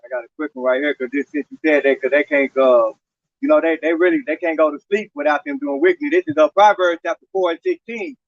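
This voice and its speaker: A man's voice: a little high, animated, fast talker, no echo, highs cut off. A man reading scripture passages and commenting on them, often repeating words as he starts a sentence. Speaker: group discussion participant.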